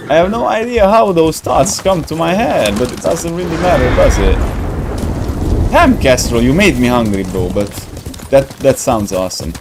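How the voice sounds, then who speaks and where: A young man from Romania chats with his live viewers while he plays. He talks slowly, with a lively, swooping pitch. He rambles, laughs often and hunts for words, over a faint hiss. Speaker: gaming livestream host. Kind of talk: casual chat with live viewers while playing.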